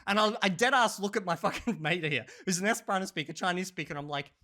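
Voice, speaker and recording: A man telling a story in a casual vlog, animated and profane, often breaking into laughter. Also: high voice, quick pace. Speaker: channel host.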